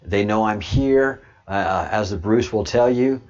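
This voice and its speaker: A man hosting a livestream and answering chat, halting with many restarts, then repeating points slowly and with emphasis. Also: on the low side, darkish tone, muffled recording. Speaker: channel host.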